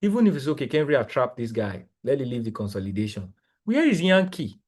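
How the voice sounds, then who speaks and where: A young man talks through a live trading session as he shares his screen. He rambles and repeats himself, with frequent excited exclamations and quieter asides. His pitch sits mid-range for a man. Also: brisk. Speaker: trading coach.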